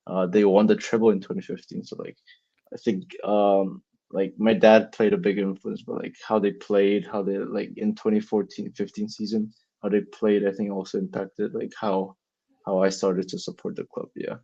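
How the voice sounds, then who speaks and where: A man's voice: lowish voice, flat delivery, moderate pace, gravelly, mellow, muffled recording. A teenage man, a guest on a casual podcast, rambling with lots of "like" and restarts.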